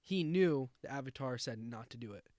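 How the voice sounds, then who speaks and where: A man's voice: mid-range voice, expressive, normal speed, darkish tone, dry recording, studio quality. A man trading casual banter on a podcast. He is blunt and teasing and swears freely. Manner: blunt, joking banter with profanity. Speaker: podcast co-host. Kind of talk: casual chat.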